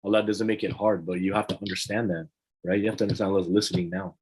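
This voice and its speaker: A man preaching and leading a supplication in a pleading, earnest way, with a husky voice. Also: sits low, little pitch movement, fast talker, darkish tone, poor audio. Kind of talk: religious sermon and prayer.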